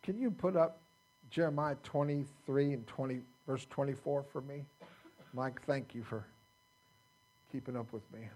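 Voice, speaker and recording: A man's voice: medium pitch, normal speed, a little mellow, low-quality recording. A man pastor preaching a sermon in a folksy, conversational way, quoting scripture to his congregation. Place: church sanctuary.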